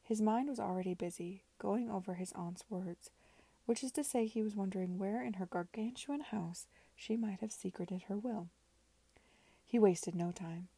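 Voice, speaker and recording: Gravelly, hushed woman reading a novel aloud. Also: medium pitch, normal speed, dry recording. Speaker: reader.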